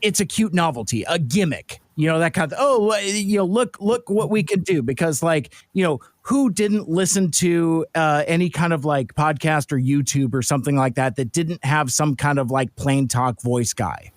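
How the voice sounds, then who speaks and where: A man's voice: a little high, normal speed, hardly any pauses, dry recording. A man co-hosting a casual podcast chat, rambling with lots of restarts and repeated words. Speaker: podcast co-host.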